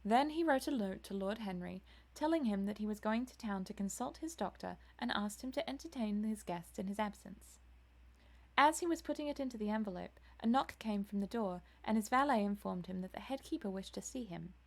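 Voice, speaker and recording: A woman's voice: mid-range voice, animated, a little fast, vocal fry. A woman reading a classic novel aloud with enthusiasm, adding self-deprecating asides. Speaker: audiobook reader, streamer.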